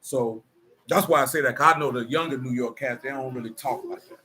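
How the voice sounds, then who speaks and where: Preaching man with a bright voice. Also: medium pitch, brisk, slight background noise. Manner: conversational, streetwise preaching with rhetorical questions. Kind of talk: sermon mixed with casual asides.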